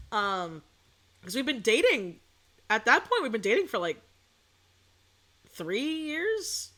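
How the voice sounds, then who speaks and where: A young woman chats through a story for her stream, with a slightly high, bright voice. She swears freely and slips into the voices of the people she quotes. It is a casual, unscripted telling. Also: big pitch swings, measured pace, long pauses. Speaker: VTuber streamer.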